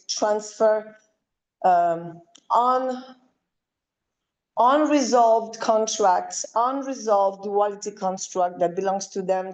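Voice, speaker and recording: Slow, mellow-voiced woman chanting commands. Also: mid-range voice, rough recording. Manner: commanding incantations, soft coaxing asides. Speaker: spiritual healer leading a session. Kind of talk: live spiritual clearing session.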